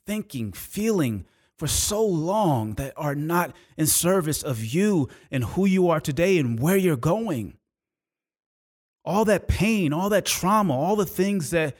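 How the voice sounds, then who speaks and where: A man hosting a podcast, telling a personal story in a motivational style, with dramatic pauses and repeated key phrases. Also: on the high side. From California, USA. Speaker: podcast host.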